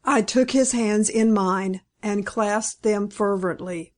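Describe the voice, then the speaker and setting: Woman reading an old novel aloud, slow careful pace, mid pitch. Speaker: audiobook narrator. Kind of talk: first-person novel narration.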